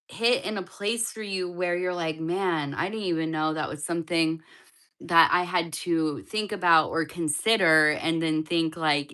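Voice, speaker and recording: Slow-talking woman with a bright voice. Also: fairly low pitch. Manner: chatty and loose, talks to viewers directly. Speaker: tarot reader hosting a live stream. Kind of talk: casual live-stream reading, answering chat.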